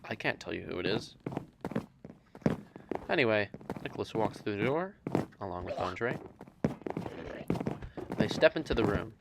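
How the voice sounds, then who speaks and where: A man narrating a video game adventure in a deliberate, deadpan monotone narrator voice. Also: lowish voice, vocal fry, very noisy. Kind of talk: comic gameplay narration.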